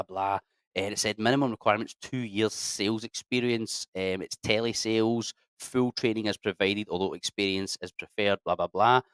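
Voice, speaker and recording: A man in his thirties, an army veteran telling his story in a casual interview, blunt and sweary, calling people mate and lads, often clearing his throat. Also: fairly low pitch, fairly bright tone, no echo.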